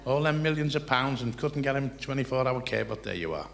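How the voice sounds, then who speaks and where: A man's voice: mid-range voice, fairly quick, gravelly. Older liverpool guy spinning rambling salty yarns live, voice jumps all over at the punchlines, roomy hall. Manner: rambling anecdotes with salty asides and rising excitement at punchlines. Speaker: comedian telling stories. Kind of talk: live stand-up storytelling. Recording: echoey live venue, faint noise.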